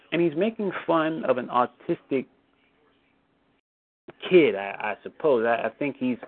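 A man hosting a call-in show, talking casually with many restarts and growing indignation. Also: medium pitch. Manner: hesitant, repeats words, indignant. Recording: tinny phone-line audio.

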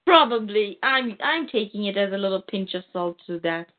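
A woman's voice: mid-range voice, lively intonation, normal speed. A woman casually recapping a comic book, chatty and hesitant with many fillers. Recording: tinny phone-like sound.

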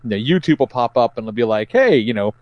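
Male podcast co-host, profane storyteller, lively swooping delivery, dry close mic. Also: mid-range voice, quick pace, no echo, lo-fi sound. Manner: profane, animated storytelling, acts out quotes. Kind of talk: casual comedic chat.

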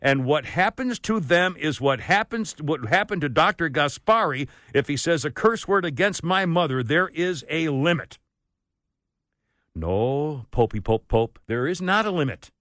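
A man hosting a talk radio show, ranting with sarcasm and indignation, swinging between loud outbursts and low asides. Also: expressive, unhurried, dry recording. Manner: indignant, sarcastic, rants loudly then drops low. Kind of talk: opinionated talk radio monologue.

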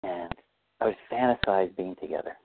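Calm man guiding a tapping session. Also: low-pitched, moderate pace, vocal fry, slight background noise. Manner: calm, guiding, feeds lines to repeat. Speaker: tapping therapy facilitator. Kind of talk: guided tapping therapy session. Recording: thin phone-like audio, dry.

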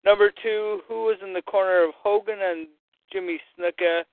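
A man reading out a trivia question on a podcast, halting and repeating himself as he goes. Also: sits high, fairly even intonation, dry recording. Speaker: guest asking trivia. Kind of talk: casual podcast chat. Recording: dry phone-like lo-fi audio.

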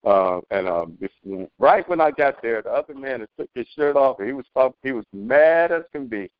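A man's voice: medium pitch, moderate pace, smooth. Man telling a story on a dull call line. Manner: animated storytelling with many restarts. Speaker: caller sharing a testimony. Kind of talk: casual spoken testimony.

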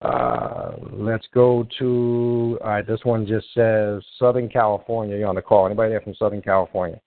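Low-voiced man hosting a call-in show over a tinny line. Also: normal speed, creaky, no echo. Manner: rambling and loose, restarts often while troubleshooting callers. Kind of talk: casual live call-in chat. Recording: tinny phone-line sound, dry.

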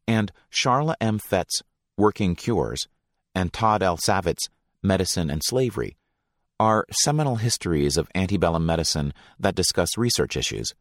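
A man reading passages from a book aloud in a measured, deliberate way, giving weight to titles and names. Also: sits low, no room sound, clean studio sound.

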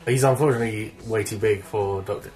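Man, co-host, lowish voice, agreeable, casual. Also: fast talker, a little mellow, faint music behind, rough recording. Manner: agreeable, frequent "yeah". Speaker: podcast co-host. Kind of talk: casual chat.

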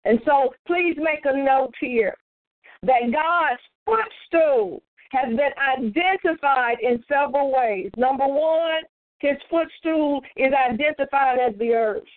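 A woman pastor with a high-pitched voice leads a morning Bible study, preaching in a folksy way, citing scripture references and repeating points for emphasis. She takes it slowly, and the sound is dry with no echo, broadcast over a phone conference line.

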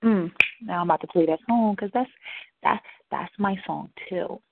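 A woman's voice: lowish voice, normal speed, creaky, husky, no room sound. A woman hosting an internet radio talk show, out of breath and chatting animatedly with her listeners. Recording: tinny phone-like dry sound.

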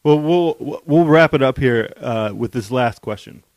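Slow-talking male podcast host. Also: medium pitch, no echo. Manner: short back-channel replies, relaxed questions. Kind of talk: casual interview. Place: hotel room.

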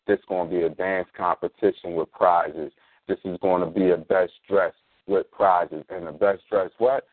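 A man hosting a casual talk radio show, plugging events in a relaxed, slangy way. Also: low-pitched, no echo. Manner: laid-back slangy promos, spells things out slowly. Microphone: sits in a squeaky reclining chair. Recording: dry tinny phone-like line.

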